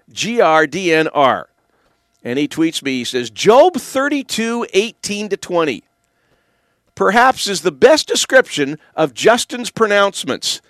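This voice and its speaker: Male talk-radio host, raised animated pitch, sardonic and preachy, dry studio sound. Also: dry recording. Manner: emphatic, opinionated, preachy, sardonic asides.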